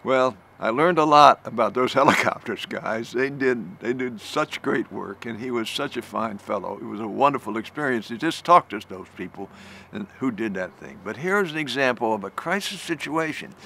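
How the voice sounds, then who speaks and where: An older man who retired as a general gives a recorded talk, narrating a vivid story with restarts and rising pitch at the tense points. He is expressive and moderately paced, with vocal fry and a bright, forceful tone over slight background noise.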